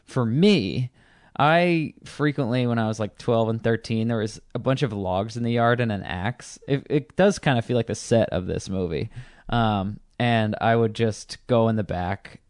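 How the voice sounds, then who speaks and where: A man's voice: medium pitch, normal speed, clean tone, no room sound, studio quality. A man chatting casually about a movie, telling a rambling, profane personal story full of fillers and restarts. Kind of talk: casual chat.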